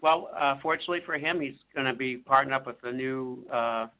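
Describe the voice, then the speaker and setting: Man, author guest, halting, lots of fillers, phone-like sound. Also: medium pitch. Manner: halting, full of fillers and restarts. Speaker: author being interviewed. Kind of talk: casual radio interview. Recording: phone-like line.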